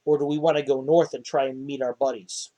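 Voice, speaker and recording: A man narrating as dungeon master in a relaxed, conversational way, often chuckling. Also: medium pitch, fairly quick. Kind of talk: narrating a tabletop game.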